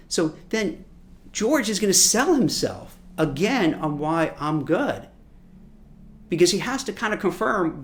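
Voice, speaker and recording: Brief: man from Brooklyn, recruiter teaching interview tips, lively swooping delivery, slightly higher voice. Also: normal speed. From Brooklyn, New York. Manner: animated, repeats words, acts out quotes. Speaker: recruiter and career coach. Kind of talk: coaching masterclass talk.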